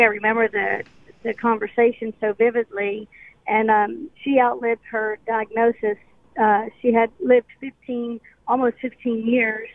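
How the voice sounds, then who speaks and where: A woman's voice: a little high, level tone, unhurried, gravelly. A woman calling in to a radio show, chatty and self-deprecating. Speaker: caller. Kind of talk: phone-in conversation. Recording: tinny phone line.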